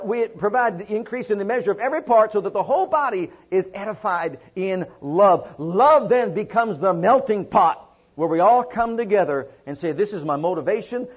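A man's voice: sits high, breathy edge. A man preaching a sermon to a congregation, leading call-and-response and stretching out emphatic phrases. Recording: muffled lo-fi sermon recording.

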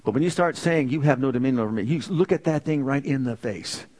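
A man's voice: mid-range voice, animated, a little mellow. A man preaching a sermon in church, leading the congregation to repeat lines after him, stretching out phrases for emphasis. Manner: leads the congregation in call-and-response, drawn-out emphatic phrases.

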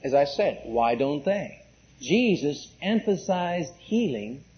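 Animated high-pitched male preacher. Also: slow pace. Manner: emphatic, call-and-response questions to the congregation. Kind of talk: sermon. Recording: muffled lo-fi recording.

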